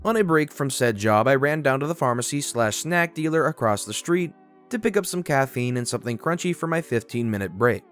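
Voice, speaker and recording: A man narrating reddit stories aloud with animated, sarcastic asides. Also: mid-range voice, a little fast, faint music behind.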